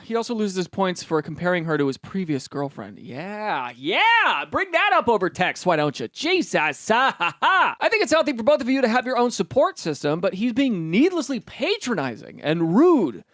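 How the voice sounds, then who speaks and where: A young man talks through comedic commentary in a high voice that leaps all over the place. He rambles, swears casually and stops to correct himself. The sound is dry and close to the mic, with no room around it. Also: sing-song, moderate pace, hardly any pauses, a bit bright, no room sound. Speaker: host reacting to online posts.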